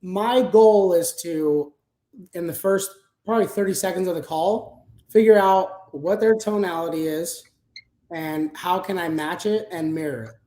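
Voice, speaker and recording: A man's voice: sits high, measured pace, mellow, echoey room. A man talking casually as an interview guest about managing a sales team, explaining things step by step with frequent fillers.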